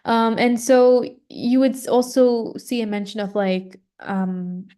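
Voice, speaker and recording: A woman's voice: on the high side, fairly even intonation, slow pace, warm tone, smooth. Woman tutoring a medical lesson. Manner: casual, explains with many fillers and restarts. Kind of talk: recorded online lesson.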